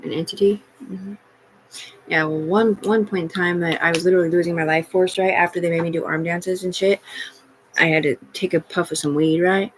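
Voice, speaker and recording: A woman's voice: fairly low pitch, steady tone, fairly quick, slight background noise, rough recording. Agitated, profane woman livestreaming. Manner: profane, agitated, jumps between topics. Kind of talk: rambling live-stream monologue.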